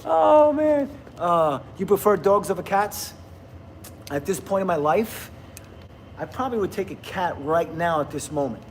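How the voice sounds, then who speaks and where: A man's voice: fairly high pitch, normal speed, slight background noise. A middle-aged man, hosting a casual livestream, chatting, laughing and reading viewer comments aloud. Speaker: livestream host.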